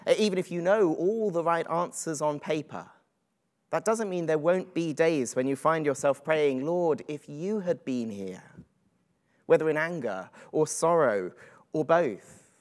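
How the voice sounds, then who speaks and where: Man, preacher, earnest and reflective, slightly higher voice, um-filled delivery. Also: moderate pace. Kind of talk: sermon.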